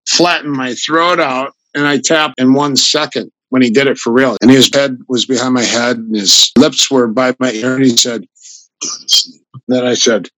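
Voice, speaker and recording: An older man talks with a gravelly, forceful voice, spinning long, animated stories about his fighting past. His tone is bright and pushed, and the recording sounds dry and close with little room. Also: mid-range voice, no room sound, rough recording. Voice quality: gravelly voice from a flattened throat. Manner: rambling, animated anecdotes with restarts. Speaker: guest, grappling fighter and coach. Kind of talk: casual storytelling in an interview.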